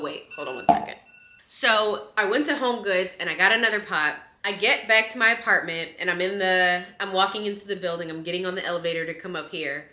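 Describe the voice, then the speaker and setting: A young woman tells a storytime tale in a very bright, sharp voice. She chats animatedly, jumping up high when she gets indignant. Her small apartment kitchen gives the sound a roomy echo. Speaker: vlogger. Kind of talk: casual storytime chat. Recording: echoey room.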